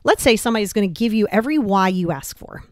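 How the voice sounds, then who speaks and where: A woman's voice: medium pitch, lively intonation, quick pace, darkish tone, dry recording, clean studio sound. A woman hosting a solo motivational podcast, talking bluntly and casually and firing off rhetorical questions. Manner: direct, fires rhetorical questions; blunt, casual, with mild swearing. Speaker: podcast host.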